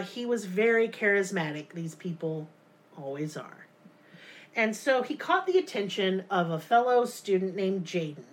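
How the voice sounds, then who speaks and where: A woman, co-hosting a casual true crime podcast, telling the story with sarcastic, animated asides. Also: mid-range voice.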